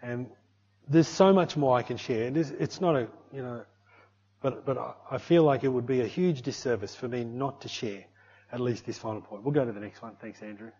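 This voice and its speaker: Pastor preaching, muffled recording. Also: male voice, mid-range voice, brisk. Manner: animated, conversational preaching with tag questions. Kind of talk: sermon.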